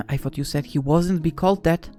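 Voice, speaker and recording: A woman voicing a dry, unimpressed young female best friend in a visual novel, with a deadpan delivery. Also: low-pitched, moderate pace, soft background music, voice pushed up, lightly acted. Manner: deadpan, flat. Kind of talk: visual novel read-aloud.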